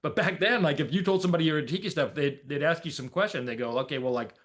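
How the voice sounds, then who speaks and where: A man's voice: on the high side, lively intonation, very fast, fairly bright tone. A man telling a long story as a podcast guest, casual and rambling, with lots of fillers and laughs.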